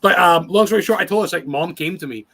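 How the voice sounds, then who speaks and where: A man in his forties talks quickly as a guest in a casual interview. His voice sits a little high and has a bright, forceful edge. He rambles through his stories with plenty of swearing and open emotion. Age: 40s. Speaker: podcast guest.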